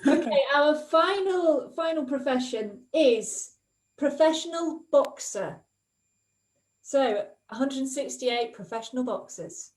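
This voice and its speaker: High-voiced woman hosting an improv game. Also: expressive, slow pace, poor audio. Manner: announces each round, cheers players on.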